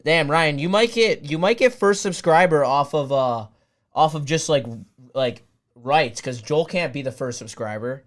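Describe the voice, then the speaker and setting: A young man with a voice a bit higher than most, talking loosely to his live chat. He drifts between relaxed, rambling asides and loud bursts of excited cheering. It sounds like an unscripted live stream. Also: unhurried. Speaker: streamer hosting a draft watch party.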